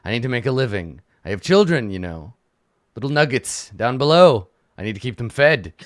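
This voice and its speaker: A man's voice: fairly low pitch, moderate pace, sharp tone, dry recording, clean studio sound. A man voicing a grumpy male rock gnome shopkeeper who scowls and haggles over prices. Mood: haggling.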